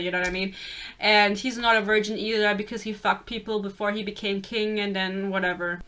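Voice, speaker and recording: Brief: bright-voiced young woman, sarcastic and chatty, casual book review rant. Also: mid-range voice, fairly even intonation, brisk. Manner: sarcastic, swears freely, chatty.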